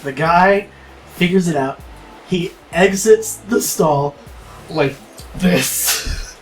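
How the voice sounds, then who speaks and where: A woman's voice: on the low side, extremely slow, faint music behind, low-quality recording. A woman co-hosting a casual comedic podcast, swearing freely and laughing often. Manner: crude, laughs a lot. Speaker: podcast co-host.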